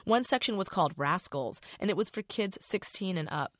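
A woman's voice: medium pitch, animated, normal speed, no echo, studio quality. A middle-aged woman author reading her novel aloud in a casual, profane first-person voice.

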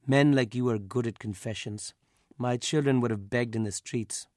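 A man's voice: medium pitch, moderate pace, a little mellow, dry recording, studio quality, natural voice. A man reading a story aloud, voicing a wounded electrician who speaks harshly and refuses to forgive. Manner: formal, then harsh and unforgiving. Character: wounded proud male electrician, bitter.

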